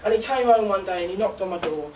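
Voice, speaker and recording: Young man, from London, stand-up comedy, self-mocking, very high voice, echoey room. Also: quick pace, darkish tone. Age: young adult. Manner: chatty, self-mocking, often laughing. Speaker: student comedian. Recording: echoey room, distant mic, noisy.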